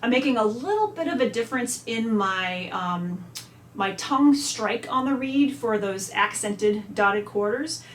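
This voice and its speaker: A woman's voice: a little high, lively intonation, unhurried, slight background noise. A woman giving a chatty music lesson, now and then singing phrases out on syllables. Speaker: music teacher. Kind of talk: instrument lesson walkthrough. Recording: echoey room, faint ambience.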